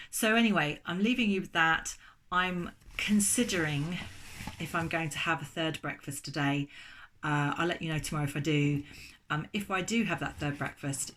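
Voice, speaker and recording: English woman, middle-aged, deep voice, chatty and enthusiastic, casual vlog, full of ums. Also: a bit bright. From England. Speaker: food vlogger. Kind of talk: casual chat.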